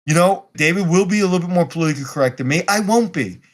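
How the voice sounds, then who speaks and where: Blunt New man, fairly high voice. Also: expressive, rapid-fire. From Brooklyn, New York. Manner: blunt, direct, acts out dialogue. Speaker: guest. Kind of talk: casual interview conversation.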